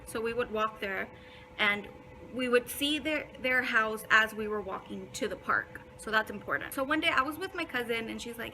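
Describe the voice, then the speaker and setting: A young woman with a bright, slightly high voice tells a story in a loose, casual storytime. She talks bluntly, swears constantly and leans on fillers, over a faint hiss of background noise. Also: normal speed, low-quality recording. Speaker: vlogger.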